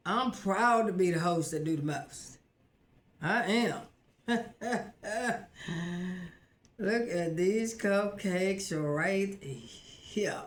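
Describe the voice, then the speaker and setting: A woman hosting a home cooking show chats in an unhurried, drawn-out way, talking straight to her viewers and laughing between steps. Her voice carries a noticeable room echo, as if recorded in a bare kitchen. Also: lowish voice. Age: adult, married. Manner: chatty and excitable, laughs often, talks straight to viewers. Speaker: host of a home cooking channel. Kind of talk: casual live cooking chat. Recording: roomy echo.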